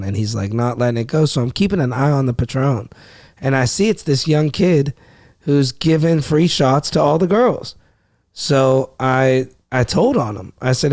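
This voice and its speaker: A man's voice: mid-range voice, normal speed, darkish tone, no room sound, studio quality. A young man from Ohio, a comedian, telling a story in casual podcast talk, acting out quotes and swearing freely. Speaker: comedian guest.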